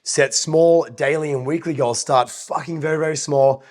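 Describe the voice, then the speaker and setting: A man's voice: a little high, steady tone, a little mellow. Blunt, swearing man, nasal. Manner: blunt, heavy swearing, fast advice-giving. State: nasal, slightly hoarse. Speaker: podcast co-host and coach. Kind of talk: casual podcast chat.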